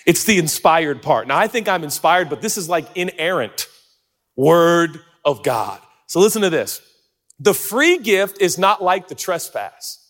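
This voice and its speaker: Brief: male pastor, slightly high voice, excitable and playful, jokey sermon delivery with sudden loud bursts. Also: measured pace. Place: large church auditorium.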